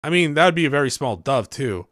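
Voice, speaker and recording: A man's voice: mid-range voice, animated, quick pace, fairly bright tone, no echo, clean studio sound. A young man rambling casually as he comments on a video game he is playing, laughing and correcting himself. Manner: chatty, rambling asides with laughs and self-corrections. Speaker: let's play host.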